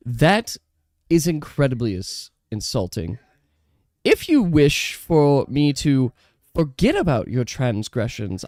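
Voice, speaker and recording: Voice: darkish tone, dry recording. A tabletop game master voicing a scheming noblewoman who bargains coyly and panics easily, on a close, dry mic. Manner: coy, drawn-out bargaining, then shrill sputtering.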